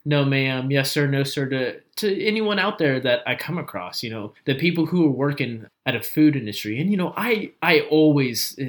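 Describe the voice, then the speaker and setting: A man in casual podcast chat, laid-back and reflective, swearing offhandedly. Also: mid-range voice.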